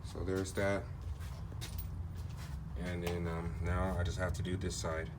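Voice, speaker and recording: A man with a low voice walks through a car repair in loose, slangy talk, thinking aloud as he works. A faint ambient noise sits behind him. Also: little pitch movement, measured pace. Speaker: DIY car repair vlogger. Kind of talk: casual how-to narration.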